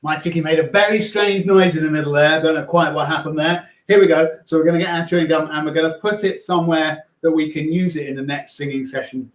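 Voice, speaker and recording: A man teaching primary school music, leading children's warm-ups with upbeat, playful, coaxing instructions. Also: a little high, steady tone, fast, few pauses. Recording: echoey room.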